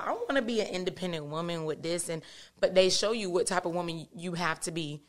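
A woman guest in a casual podcast chat, animated and giggly as she tells stories. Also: on the low side, fairly quick.

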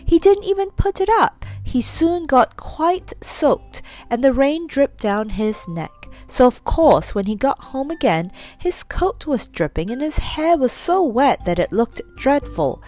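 A woman reading a children's story aloud in an expressive, animated way. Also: high voice, measured pace, hardly any pauses, soft background music.

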